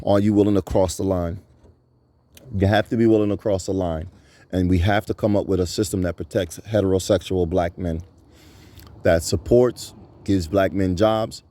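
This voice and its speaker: Low, mellow-voiced man preaching emphatically. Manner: emphatic, repetitive, rallying. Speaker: channel host. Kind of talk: preaching monologue.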